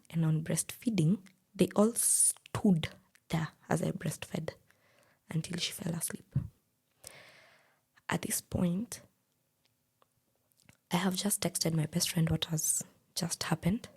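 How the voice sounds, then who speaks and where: A young woman with a Kenyan accent tells her own story in an animated way, slipping into the voices of the people involved. Her voice is deeply husky and breathy, with a gravelly edge. It sits low and mellow. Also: slow, long pauses. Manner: animated, quotes others in dialogue. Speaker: guest telling her story. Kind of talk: personal storytelling.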